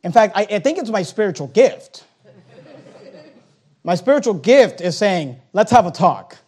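High-voiced animated preacher man. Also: a little slow, husky. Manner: animated preaching with acted-out dialogue and rising emphasis; blunt, joking asides. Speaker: pastor. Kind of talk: sermon.

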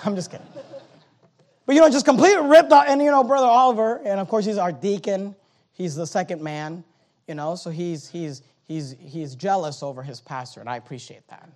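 Man, pastor, high voice, sermon, church, quiet then loud, repetitive, stammering restarts. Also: animated, a little fast. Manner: swings from low, quiet talk to high, loud exhortation; repeats phrases, stammering restarts.

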